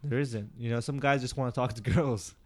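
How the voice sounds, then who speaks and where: A man's voice: medium pitch, a little fast, a little mellow. A man co-hosting a podcast, chatting casually and animatedly, acting out voices as he tells a story. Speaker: podcast co-host. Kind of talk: casual chat.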